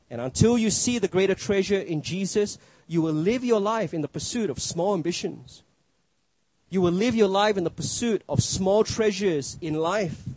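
A man's voice: high-pitched, husky, low-quality recording. A middle-aged male pastor preaching a sermon, emphatic, his voice rising and dropping for effect.

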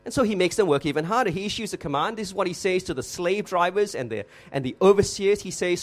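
A man preaching an expository sermon, emphatic, slowing down and repeating words for effect, with rhetorical questions. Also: high-pitched, expressive.

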